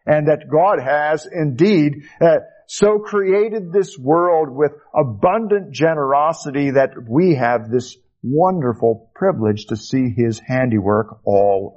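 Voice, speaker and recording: A male pastor preaching a sermon, slow and emphatic, lifting his voice on key words. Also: mid-range voice, darkish tone, highs cut off.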